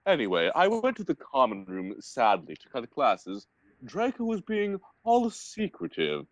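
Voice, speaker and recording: A young man reading a bad fan story aloud for laughs, sarcastic and animated, over a voice call. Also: mid-range voice, a little slow, no echo, poor audio. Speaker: reader in a group reading. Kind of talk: mock-dramatic comedic reading aloud.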